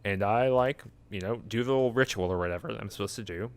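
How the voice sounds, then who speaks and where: A man's voice: lowish voice, quick pace, smooth. A sleepy young man co-hosting a podcast, casually recapping a video game in a rambling, self-interrupting, amused way. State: sleepy, yawning. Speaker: podcast co-host.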